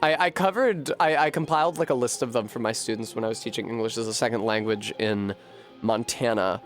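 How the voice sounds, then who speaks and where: A man streaming a video game, chatting casually and thinking aloud to his viewers, swearing freely and getting animated. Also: medium pitch, brisk, soft background music. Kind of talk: casual live-stream chat while gaming.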